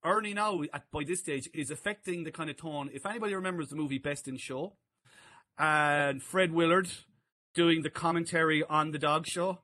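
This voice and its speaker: A man's voice: on the high side, moderate pace, bright, forceful tone. A man co-hosting a podcast, telling amused anecdotes in casual chat. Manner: chatty anecdotes, amused, laughing asides. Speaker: co-host.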